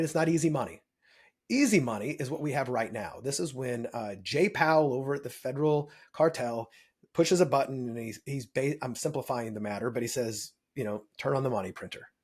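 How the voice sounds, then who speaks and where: A man, a podcast guest explaining money in lively, emphatic interview talk, often checking in with "right?". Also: medium pitch, husky.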